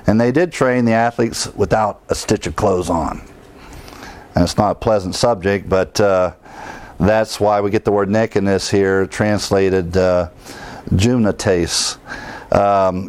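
A man's voice: fairly low pitch, darkish tone. A middle-aged man pastor preaching a sermon in a conversational teaching style, chuckling now and then and restarting his sentences.

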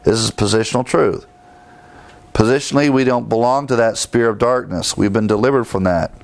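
A man's voice: on the low side, brisk, creaky. A man teaching a sermon, emphatic, repeating key phrases and citing scripture verses. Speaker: preacher.

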